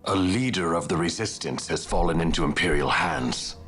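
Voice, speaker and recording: Very deep grave knight. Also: male voice, moderate pace, a bit bright. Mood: solemn. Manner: solemn, terse. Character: grave disgraced male knight captain. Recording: game audio with music behind.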